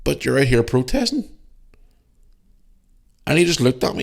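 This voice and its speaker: A man's voice: medium pitch, sing-song, moderate pace, creaky. A man from Northern Ireland with a Northern Irish accent, hosting a podcast and telling a story in a blunt, heavily swearing way. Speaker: podcast host. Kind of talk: casual storytelling.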